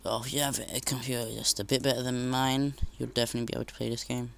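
A man giving casual, excitable commentary over a shooter game, jumping from shouts to muttered whispers. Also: medium pitch, rapid-fire, gravelly, slight background noise. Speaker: gamer commentator.

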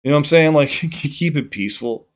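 A man casually chatting on a livestream while high, swearing a lot and reading chat aloud. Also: animated, a little fast. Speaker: live streamer.

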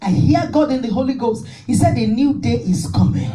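A woman's voice: on the high side, lively intonation, normal speed, warm tone. A woman pastor preaching a fervent sermon, repeating her points and calling out to the congregation. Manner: fervent, repetitive preaching with call-and-response. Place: church hall. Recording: echoey hall, distant mic.

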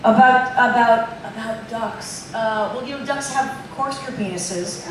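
A woman's voice: a little high, measured pace. A woman doing a rambling, profane live comedy monologue in front of an audience. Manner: rambling, self-interrupting, profane. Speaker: improv monologist. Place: cruise ship show lounge, live audience. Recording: echoey and distant, crowd noise.

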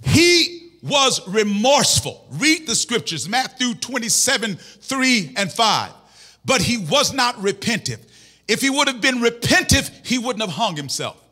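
A man preaching a sermon as pastor in a church, impassioned, shouting and half-singing phrases. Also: extremely high pitch, big pitch swings, a little slow.

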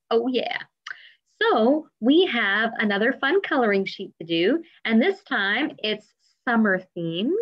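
Cheerful high-voiced music teacher woman. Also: highs cut off. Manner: upbeat, encouraging, talks to young children. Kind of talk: children's music lesson with singing.

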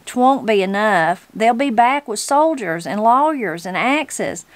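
A woman's voice: fairly high pitch, expressive, slow pace, no echo. A woman voicing a fierce, shrewd elderly mountain granny. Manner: plain-spoken, stubborn.

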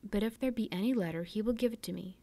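A woman's voice: mid-range voice, fast talker, mellow, voice pushed up, lightly acted. Woman voicing an eager old ship owner. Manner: eager, questioning. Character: warm older male ship owner.

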